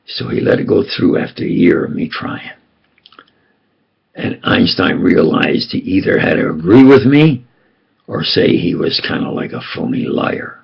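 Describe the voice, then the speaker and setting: An older man with a tough New York accent tells his story in a slow, deliberate monologue, voice deeply gravelly and rough. His pitch rises and falls with lively swings as he presses his points with conspiratorial insistence. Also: dull audio. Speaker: self-styled preacher and storyteller. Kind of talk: rambling personal monologue.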